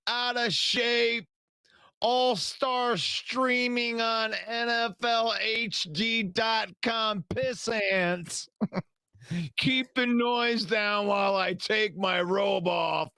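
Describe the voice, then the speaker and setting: A man delivers a wrestling promo, boastful and taunting, stretching every word out very slowly. His voice is high and gravelly, with a bright, sharp edge. The sound is dry and close. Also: fairly even intonation, no echo. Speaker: pro wrestler cutting a promo.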